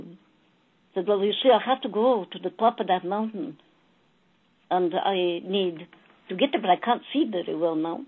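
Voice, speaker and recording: A woman channeling a spiritual message, telling a fable slowly and calling her listeners beloved souls. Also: fairly low pitch, breathy edge. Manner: slow, storytelling, addressing listeners as beloved souls. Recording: tinny phone-like audio.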